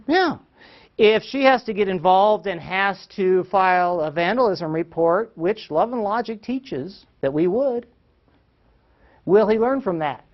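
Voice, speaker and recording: A man's voice: high-pitched, animated, unhurried, dull audio. A man presenting a parenting workshop, questioning the audience and acting out quotes with chuckles. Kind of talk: lively classroom-style teaching talk.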